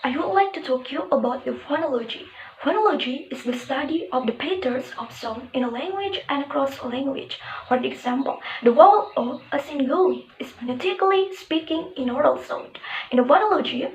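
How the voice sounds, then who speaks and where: A woman's voice: sits high, expressive, brisk. A young woman with an Indonesian accent, steadily reading a prepared class presentation with examples. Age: young adult. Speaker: student presenter. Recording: echoey room with faint hiss.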